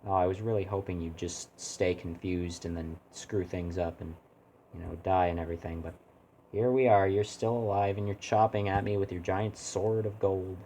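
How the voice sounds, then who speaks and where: Low voiced guy streaming a game, rambly, keeps breaking off mid thought. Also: steady tone, normal speed, dark tone, a little hiss or hum. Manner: rambling, self-interrupting, talks to chat. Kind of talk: casual live-stream commentary.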